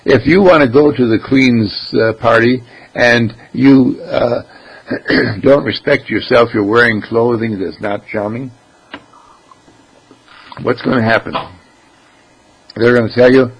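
A man's voice: mid-range voice, slow, creaky, breathy edge, poor audio. A man giving an informal spiritual talk as a teacher, with conversational asides and many rhetorical questions.

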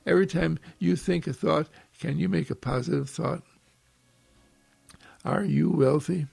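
A man's voice: medium pitch, vocal fry, darkish tone, slightly rough, dry recording. A man giving an inspirational spiritual talk, full of effusive repetition and rhetorical questions. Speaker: spiritual practitioner giving uplifting talks.

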